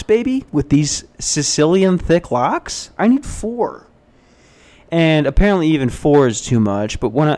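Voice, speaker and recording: A young man from the United States talks his way through stories on his own casual podcast. He rambles and pokes fun at himself, and now and then slips into high mock voices. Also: a little mellow. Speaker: podcast host. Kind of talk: solo casual podcast storytelling. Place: hotel front desk.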